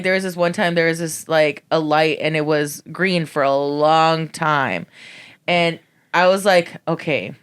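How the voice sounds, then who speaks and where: A woman's voice: on the low side, smooth. A woman co-hosting a casual chat podcast, telling stories bluntly and swearing freely. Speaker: podcast co-host.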